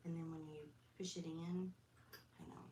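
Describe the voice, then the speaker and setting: A woman's voice: sits low, flat delivery, moderate pace, dark tone. A woman casually showing friends a sewing tool, chatty and laughing often. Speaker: sewing instructor. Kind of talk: casual sewing demonstration chat. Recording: echoey room with background noise, from a distant mic.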